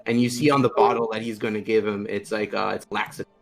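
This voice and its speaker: A man's voice: fairly low pitch, level tone, quick pace, vocal fry, over loud music. A man narrating as game master in loose, casual speech full of filler words.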